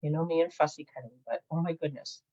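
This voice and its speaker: A middle-aged woman hosts a casual crafting tutorial, giggling and thinking aloud as she works. Her voice sits low and mellow and moves at a quick pace, captured in a dull lo-fi home recording.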